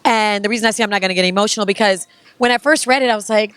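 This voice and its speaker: A woman's voice: mid-range voice, rapid-fire, fairly bright tone, clear, resonant tone, no echo. A woman interviewing an author in an effusive, gushing way. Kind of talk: casual enthusiastic interview.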